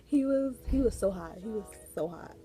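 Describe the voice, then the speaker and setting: Young woman, warm mellow voice, rambling chatty storytime, soft music behind. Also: fairly high pitch. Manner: rambling, chatty, fillers, giggles often. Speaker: vlogger. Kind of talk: casual storytime chat.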